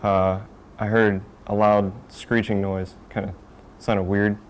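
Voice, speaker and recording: Low, monotone young airman. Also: takes it slowly, slight background noise. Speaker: weapons airman. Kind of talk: interview recollection.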